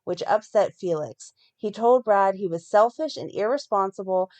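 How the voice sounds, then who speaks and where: A woman co-hosting a fan podcast, reading a plot recap in a steady run and breaking off now and then to comment. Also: medium pitch, moderate pace. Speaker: podcast co-host recapping a soap.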